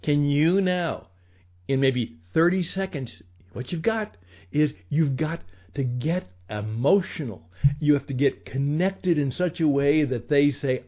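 A man's voice: fairly high pitch, a little slow. A man hosting a radio show and teaching a sales formula in an emphatic style, sometimes dropping to a whisper. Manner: emphatic, with dramatic drops to whispers. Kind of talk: animated instructional talk. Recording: slightly dull lo-fi recording.

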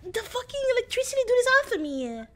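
A young woman streamer with a very high voice that swings wildly, screaming and laughing through a horror game. She often drags her words out slowly, and steady noise sits clearly under her voice. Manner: panicky, screaming and laughing, swearing. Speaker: vtuber streamer.

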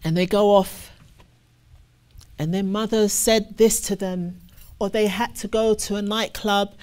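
A woman giving sermon-style Bible teaching, reading scripture slowly with emphasis and acting out the voices of the people she describes. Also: mid-range voice, steady tone, darkish tone. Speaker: ministry officer teaching scripture.

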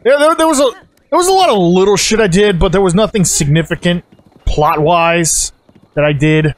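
A man giving rambling, excitable let's play commentary as he plays a game, swearing often. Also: sits high, normal speed. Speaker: gaming channel host.

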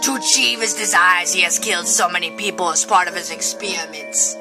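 A woman voicing a mysterious male salesman, speaking slowly in a put-on accent over game music. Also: on the low side, lightly acted. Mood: ominous. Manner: slow, drawn-out, put-on accent.

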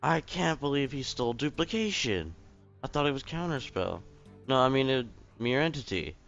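Gravelly young man griping through a game. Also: mid-range voice, sing-song, normal speed, fairly bright tone, dull audio. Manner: frustrated, swearing, talks to himself. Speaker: streamer. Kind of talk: live gameplay commentary. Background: game music.

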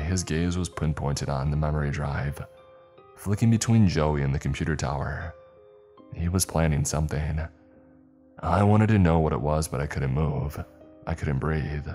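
Man narrating creepy story, super deep voice, slow and ominous, faint music behind. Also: a little mellow. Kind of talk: scripted horror narration.

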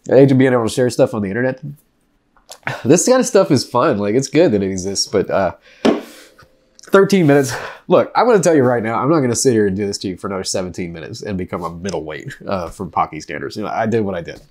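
A man's voice: on the low side, expressive, quick pace, darkish tone. A man vlogging a drink review to camera in a loose, rambling way, joking and laughing often, still reeling from a very hot chip. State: after eating a very hot chip. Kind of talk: casual chat to camera. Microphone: desk mic.

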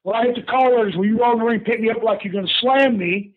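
An older man with a high voice talks quickly and a bit roughly over a tinny phone line. A retired pro wrestler appearing as a guest, he spins lively yarns in an interview, laughing often and calling people "brother."

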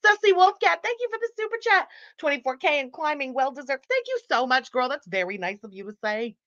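Woman, high voice, bright, livestream host, teasing, swearing, laughing, dull muffled computer mic, dry. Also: big pitch swings, brisk, no echo. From Quebec, Canada. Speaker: livestream host reading super chats. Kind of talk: casual livestream chat. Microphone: built-in computer mic.

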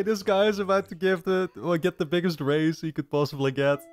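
A man giving casual, excitable reaction commentary on an anime episode, swearing often and breaking into loud laughter. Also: high voice, brisk, few pauses.

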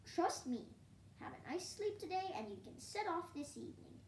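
Woman doing a sleepy gentle male owl. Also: extremely high pitch, very animated, moderate pace, reverberant, slight background noise, voice pushed up. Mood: mild. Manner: soft, drowsy and mild.

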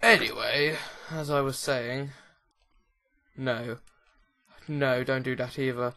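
A man's voice: medium pitch, fairly even intonation, takes it slowly, bright, forceful tone. A young man giving casual, rambling, jokey commentary while playing a video game. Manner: rambling, jokey, with many restarts. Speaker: let's play host.

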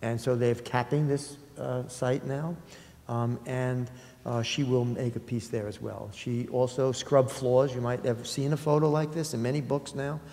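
An older man with a New York accent, an art dealer telling anecdotes in a halting, conversational way with many pauses. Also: mid-range voice, steady tone, gravelly, dark tone. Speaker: art dealer in public talk. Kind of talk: conversational storytelling talk. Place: lecture hall. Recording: reverberant hall.

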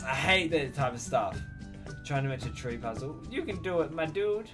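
A man's voice: on the high side, animated, moderate pace, a bit bright, faint music behind. A man hosting a casual reaction video, talking to the screen, cheering on the people in it and laughing often.

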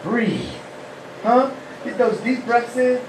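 A rabbi gives a lively call-and-response sermon, asking the congregation questions and shouting praise. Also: male voice, extremely high pitch, slow pace, gravelly, a little hiss or hum. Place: humid, warm house of worship. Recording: echoey hall, mic far off.

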